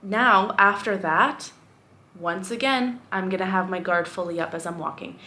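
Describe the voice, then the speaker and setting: A woman's voice: medium pitch, steady tone, moderate pace, bright, forceful tone, slight background noise. A young woman teacher talking candidly to camera in a casual vlog, rambling and reflective with frequent fillers. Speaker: vlogger.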